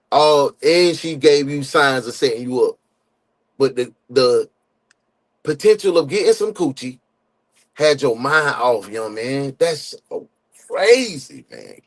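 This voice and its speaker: Slangy aave dude reacting to a crime clip, loud and lively, voice jumps around a lot. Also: male voice, mid-range voice. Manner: animated, slangy, talks back at the clip. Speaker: true crime reaction host. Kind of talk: casual reaction commentary.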